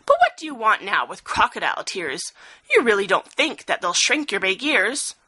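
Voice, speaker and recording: A woman voicing a crafty, creepy old male crocodile in a storybook reading, sly and smooth-talking. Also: mid-range voice, sing-song, normal speed, bright, forceful tone, exaggerated voice.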